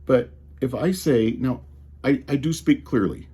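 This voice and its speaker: A man's voice: medium pitch, expressive, measured pace, dark tone, slightly rough. A man with a slight Colorado drawl, ranting casually and with exasperation about tech, often restarting his sentences. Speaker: tech commentator.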